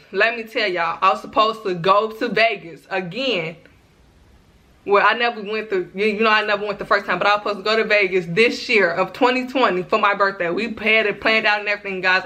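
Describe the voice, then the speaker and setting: A woman in her twenties chatting through a storytime vlog, lively and talking straight to her viewers. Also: medium pitch. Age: 20s. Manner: chatty, animated, addresses viewers directly. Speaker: vlogger.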